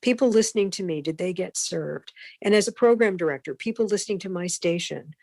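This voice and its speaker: A middle-aged woman with a fairly low voice tells stories from her radio career to a podcast host. She talks with animated energy and slips into the voices of the people she quotes. The recording is dry and close, with no room sound. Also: fairly quick, no room sound. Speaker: broadcast consultant, interview guest. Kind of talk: storytelling in a podcast interview.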